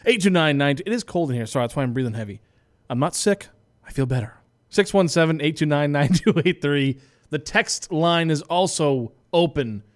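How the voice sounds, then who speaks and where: Man, metal radio host, casual rambling chat, laughs a lot, curses, slightly high voice, lively swooping pitch, studio mic. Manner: rambling, laughing, swears freely.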